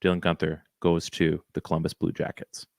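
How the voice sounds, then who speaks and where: A man co-hosting a podcast, chatting casually about hockey picks with relaxed joking asides. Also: low-pitched, brisk, creaky, dry recording, studio quality. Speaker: podcast co-host. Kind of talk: casual hockey draft chat.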